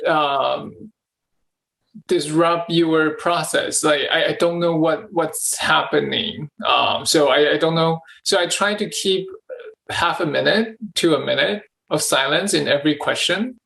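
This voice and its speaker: Gravelly, hesitant man. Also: a little high, a little slow, sharp tone, poor audio. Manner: hesitant, repeats himself, many restarts and fillers. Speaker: channeling practice partner asking questions. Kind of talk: casual conversation.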